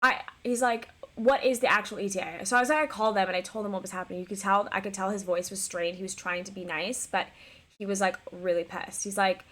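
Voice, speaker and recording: A woman streamer telling a personal story in a casual, animated way, swearing freely and restarting her sentences. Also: mid-range voice, fast talker.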